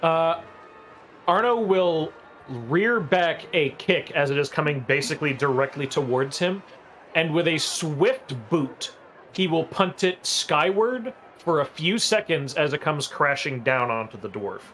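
A man's voice: on the high side, lively intonation, unhurried, a bit bright, faint music behind. A man playing a tabletop game, wryly describing what his character does. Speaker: player. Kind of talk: casual tabletop game play.

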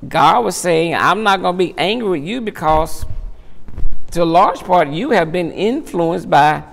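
High gravelly preaching man, hall echo. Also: animated, a little slow. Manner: emphatic, repeats words, swells to impassioned peaks. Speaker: pastor. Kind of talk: Bible study teaching. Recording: long reverb of a large hall.

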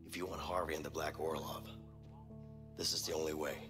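A man voicing a grim, guilt-driven convict in a video game cutscene, speaking low and determined. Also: level tone, fairly quick. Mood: grim resolve. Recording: game audio under loud music.

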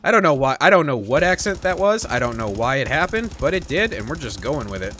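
A man's voice: medium pitch, big pitch swings, a little fast, fairly bright tone, faint music behind. A man hosting a gaming channel, giving playful, joking gameplay commentary in a chatty way.

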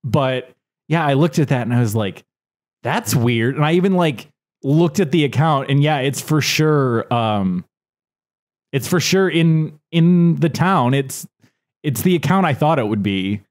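A man's voice: medium pitch, expressive, measured pace. A young man co-hosting a podcast, chatting casually and rambling with lots of restarts and fillers. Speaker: podcast co-host. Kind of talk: casual chat.

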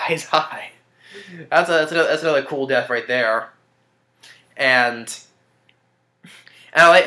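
Bright-voiced man rambling a movie review. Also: on the high side. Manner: rambling, hesitant, with many restarts and chuckles. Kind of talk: casual spoken movie review. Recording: roomy echo.

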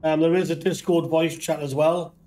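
Croaky Geordie man with flu. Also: on the high side, normal speed. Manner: relaxed, rambling with many ums. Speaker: gaming channel host. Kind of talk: casual game commentary.

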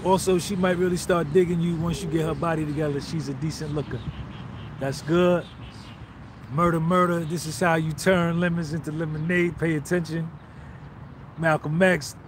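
A man's voice: fairly high pitch, slight background noise. A man hosting a casual livestream outdoors, hyped and boastful, switching into a pushy coaching tone. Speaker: livestream host.

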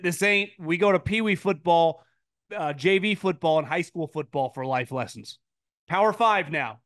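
A man's voice: fairly bright tone, no echo, studio quality. Blunt, emphatic man hosting a podcast. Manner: blunt, emphatic, mocking quoted voices in a high pitch; frequent restarts and stammered repeats. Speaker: podcast host answering listener mail. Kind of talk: casual opinionated commentary.

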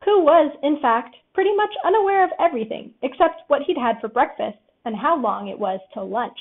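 A woman reading a children's storybook aloud in a gentle, expressive way. Her voice sits a little high. The recording is thin and tinny, like a phone line. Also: brisk.

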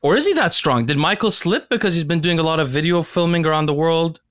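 A man with a slightly high voice hosts a casual conversation. He talks in an excitable way and turns often to address his audience. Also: quick pace. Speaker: podcast host.

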